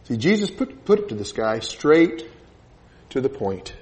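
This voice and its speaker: A man's voice: mid-range voice, very animated, measured pace, a little mellow. A man preaching a sermon, retelling a Bible story and acting out the voices in the scene.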